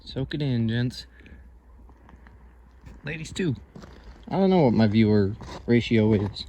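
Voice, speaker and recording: A man's voice: mid-range voice, lively intonation, a little slow, warm tone, muffled recording, slight background noise. A young man with a drawl, chatting casually and joking as he vlogs a desert camping trip. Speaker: camping vlogger. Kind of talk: casual vlog talk. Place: desert, in a truck then outdoors on a cliff.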